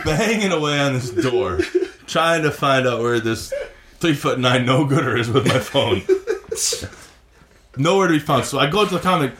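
A man telling a long story in casual podcast chat, acting out his own shouted lines and others' quotes. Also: medium pitch, expressive, moderate pace, pauses often, roomy sound, background noise. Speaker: podcast guest.

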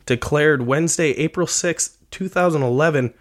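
A man's voice: fairly high pitch, normal speed. A man hosting a comedy podcast, chatting casually with many fillers and frequent laughs. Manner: laughs often, filler-heavy segues. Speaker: podcast host.

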